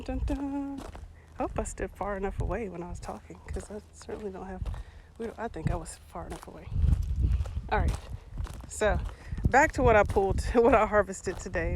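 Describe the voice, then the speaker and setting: A woman's voice: mid-range voice, noisy background. A woman giving a casual livestream tour of a community garden, chatting and laughing with viewers in the comments, recorded outdoors on a hand-held phone. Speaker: vlogger. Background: water hose spraying.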